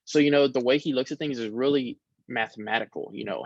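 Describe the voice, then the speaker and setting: A young man, a college football player, talking casually in an interview, relaxed and rambling with many fillers. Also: mid-range voice, quick pace, creaky, dry recording. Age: young adult. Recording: dull lo-fi sound.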